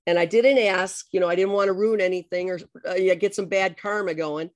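Casting note: middle-aged woman guest, vivid storyteller, dry close sound, lively delivery. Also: on the low side, fairly quick, no echo. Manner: lively, animated retelling with acted-out quotes. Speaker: guest, adoptee telling her story. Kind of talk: personal storytelling in conversation.

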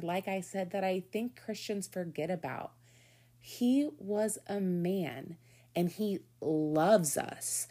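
A middle-aged woman giving an informal devotional talk, earnest and conversational, slowing down to stress key words. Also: mid-range voice, dark tone. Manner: earnest, conversational, slows down for emphasis. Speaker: Bible teacher.

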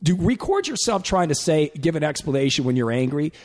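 A man's voice: a little high, big pitch swings, fairly quick. A man in casual chat, blunt and profane, ranting and mocking others in put-on voices.

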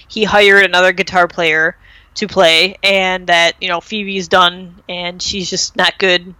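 A woman's voice: lowish voice, flat delivery, measured pace, pushed and bright, clean tone, no room sound, low-quality recording. A young woman hosting a podcast, casually retelling a TV episode with lots of fillers and acted-out quotes. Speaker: podcast host recapping a TV episode. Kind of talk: casual chat.

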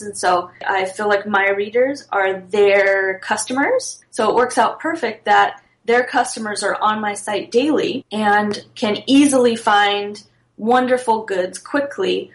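A woman's voice: medium pitch, unhurried, rough recording. A woman guest on a podcast, earnestly explaining her wedding blog business with small restarts. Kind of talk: casual interview answers.

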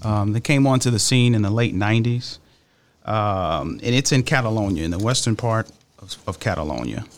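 Guy on a wine podcast, kinda low voice, laid back, lots of ums while he explains stuff. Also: normal speed. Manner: relaxed, explains facts with fillers. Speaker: wine podcast co-host presenting a wine. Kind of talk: casual chat.

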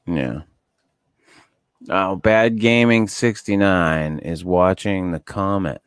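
A man's voice: low voice, slow pace, clean tone, no echo, studio quality. A middle-aged man co-hosting a podcast in casual chat, swearing freely, rambling and laughing often. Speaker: podcast co-host.

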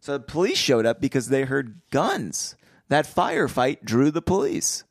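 Guy reading a book out loud on a podcast, pitch all over the place, dry close sound. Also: very animated, normal speed, no echo. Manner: reads passages then riffs with jokes and laughs. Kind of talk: casual comedic read-along chat.

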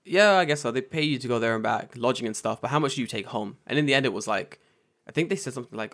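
A man's voice: medium pitch, quick pace, fairly bright tone. A man co-hosting a podcast, telling a story in casual chat, swearing freely and mimicking others in sarcastic voices. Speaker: podcast co-host.

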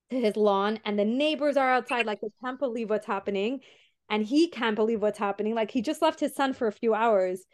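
A woman's voice: on the high side, darkish tone. Chatty young woman telling a story. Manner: rambling, filler-heavy retelling with many restarts. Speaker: podcast host. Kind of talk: casual storytelling on a podcast.

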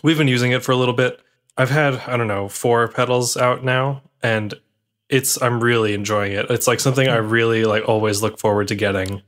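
A man's voice: mid-range voice, steady tone, fairly quick, fairly bright tone. Laid-back man chatting and laughing. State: burping from foamy beer. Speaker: podcast co-host. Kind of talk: casual chat.

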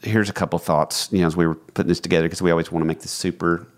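Earnest low-voiced middle-aged man. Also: fairly even intonation, rapid-fire. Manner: earnest, reflective storytelling. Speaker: podcast co-host. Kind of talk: casual podcast chat.

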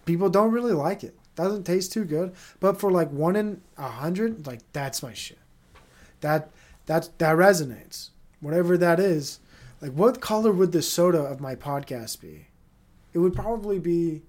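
A man in his thirties hosts a solo podcast, rambling casually with plenty of profanity, fillers and tangents. His voice is fairly high and a little mellow, and he speaks at a measured pace.

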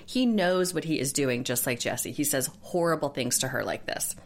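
Podcast co-host, woman, deep register, emphatic and opinionated in casual banter. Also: normal speed. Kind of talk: casual recap chat.

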